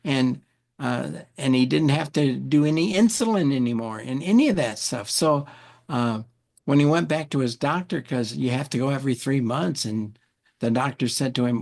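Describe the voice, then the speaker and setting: A man, an interview guest, telling an animated story, often repeating words and acting out what people said. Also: mid-range voice, normal speed, vocal fry. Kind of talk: anecdotal storytelling.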